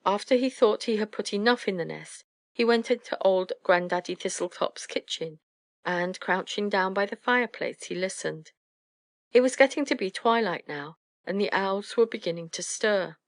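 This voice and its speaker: A woman narrating a children's storybook in a gentle, measured way. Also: medium pitch, no room sound, studio quality. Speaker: audiobook narrator.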